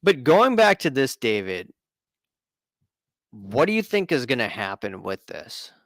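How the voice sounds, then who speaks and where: A man's voice: medium pitch, very animated, measured pace, fairly bright tone, dry recording. A man hosting a casual live stream, chatting and reading out viewer comments in a rambling way.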